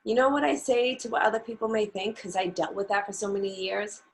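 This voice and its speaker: A woman hosting an interview, speaking earnestly and deliberately. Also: mid-range voice, fairly even intonation, slight background noise, poor audio. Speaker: host. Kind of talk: conversational interview.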